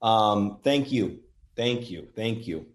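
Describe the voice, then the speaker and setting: Low-voiced earnest man demonstrating. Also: lively intonation, takes it slowly. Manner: earnest and thankful, speaks gently to spirits. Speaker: paranormal app demonstrator. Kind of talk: casual demonstration talk.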